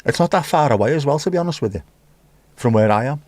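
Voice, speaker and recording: Quick and lively, this mid-range, darkish voice belongs to a man running a relaxed livestream from his home, with no room sound audible. He banters cheekily with his audience while reading out their chat.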